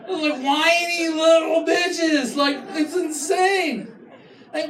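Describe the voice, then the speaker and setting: A man doing a stand-up comedy set, ranting and mocking, breaking into shouted impressions. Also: very high voice, steady tone, slow, echoey room, recorded from a distance, a faint crowd, a little hiss or hum. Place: live comedy venue with an audience.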